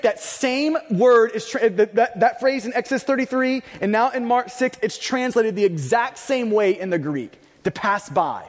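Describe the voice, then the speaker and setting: A pastor delivering a conversational sermon, stumbling and restarting, with bursts of raised emphasis. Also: male voice, sits high, animated, normal speed, few pauses, in a large hall.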